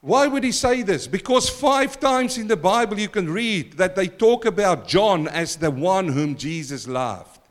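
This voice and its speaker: A man preaching a sermon as pastor, swinging from quiet stretches to loud emphatic swells and calling on the congregation. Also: high-pitched, animated, a little slow. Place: church.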